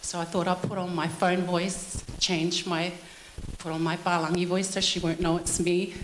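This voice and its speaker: A woman's voice: lowish voice, flat delivery, moderate pace, roomy sound, a little hiss or hum, low-quality recording. A woman giving a chatty funeral tribute for her mother-in-law, telling stories with a few ums along the way. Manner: chatty storytelling with fillers. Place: church hall.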